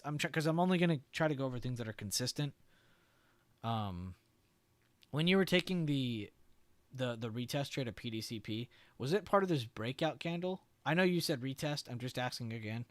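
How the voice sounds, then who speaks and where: A man's voice: medium pitch, a little fast, no room sound. A young man hosting a live trading stream, chatting casually with viewers and walking them through charts. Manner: relaxed, chatty, swears and laughs, answers viewers.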